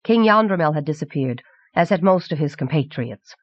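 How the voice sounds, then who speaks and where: A woman reading a novel aloud as audiobook narrator in a measured, clear voice from an old cassette recording. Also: low voice, animated, dry recording. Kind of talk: scripted narration. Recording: dull 1990s cassette audiobook.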